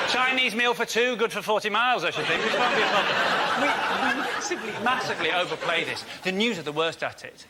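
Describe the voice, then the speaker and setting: A man doing a stand-up routine on a TV panel show, ranting and shouting in mock panic. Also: sits high, heavy background noise. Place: TV studio with a live audience.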